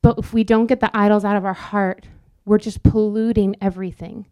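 A woman's voice: medium pitch, level tone, fairly quick, mellow, no echo, clean studio sound. A woman preaching a sermon, emphatic and repetitive, acting out quoted inner voices.

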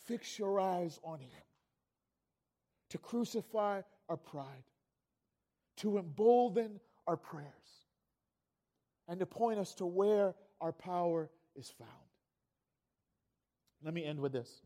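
Male pastor, high-pitched, sermon delivery that moves from hushed to loud and fervent. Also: expressive, takes it slowly, long pauses. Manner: storytelling preacher, builds to loud climaxes.

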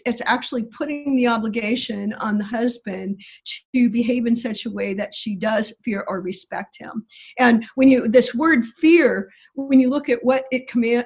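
Husky-voiced woman explaining Greek grammar. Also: on the high side. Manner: careful, technical, slightly halting explanations. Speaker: biblical Greek scholar. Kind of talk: explanatory interview talk.

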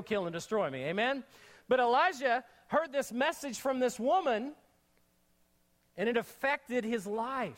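A male pastor preaching an energetic sermon, mixing jokes and slangy asides into the message. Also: extremely high pitch.

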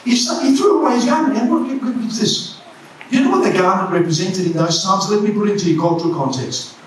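A man preaching a sermon, impassioned and often shouting. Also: high voice, expressive, fairly quick, a little hiss or hum. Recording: echoey church hall from far off.

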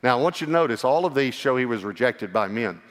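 A man preaching a sermon as a pastor, earnest and personal, sometimes dropping to a hushed voice for emphasis. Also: mid-range voice, animated, fast. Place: church. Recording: long hall reverb.

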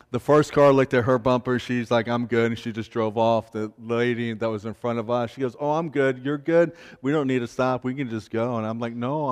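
A man's voice: mid-range voice, smooth. A man, a pastor, telling a candid, self-deprecating personal story during a sermon. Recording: long hall reverb.

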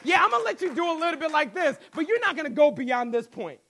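A man preaching a sermon, animated and conversational, acting out quotes and cracking jokes. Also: very high voice, fast, vocal fry. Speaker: pastor.

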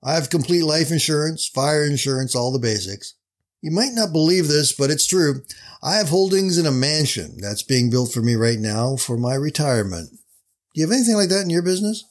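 A man's voice: fairly high pitch, lively intonation, a little fast, lightly acted. A man voicing a casual pastor who teases a businessman in a story. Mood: playful. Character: casual male pastor, playful and sly.

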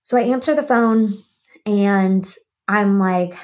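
Woman, podcast host, animated personal storytelling, acts out dialogue, home office desk. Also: medium pitch, slow.

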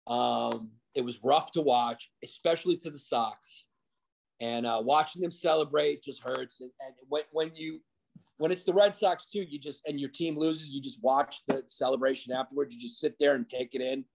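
A man's voice: medium pitch, normal speed, vocal fry, a little mellow. A man who is a comedian guest, talking in a rambling, casual way with lots of fillers and restarts. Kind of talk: casual podcast chat.

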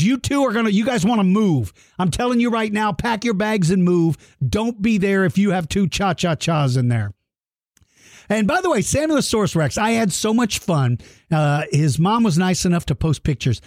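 Playful animated man on a kids' podcast. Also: high-pitched, no echo, clean studio sound. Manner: animated, playful, with mock gruff teasing. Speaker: podcast host. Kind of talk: casual shout-outs to young listeners.

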